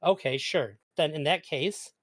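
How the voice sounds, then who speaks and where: Earnest man arguing, somewhat high voice. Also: unhurried, a bit bright. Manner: earnest, argumentative, stumbles on restarts. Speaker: interview guest. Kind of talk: casual debate.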